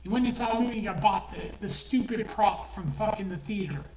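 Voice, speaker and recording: A woman's voice: mid-range voice, a little fast, a little mellow. A middle-aged woman delivering an angry, profane rant as an online commentator, heated and repetitive. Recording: echoey room, distant from mic, faint noise.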